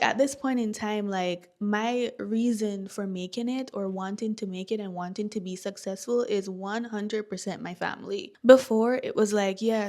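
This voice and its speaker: A woman talking straight to camera as a faith-based business founder, earnest and heartfelt, stressing points by repeating them in a preacherly way. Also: mid-range voice. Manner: emphatic, repeats lines for stress. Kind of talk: personal vlog monologue.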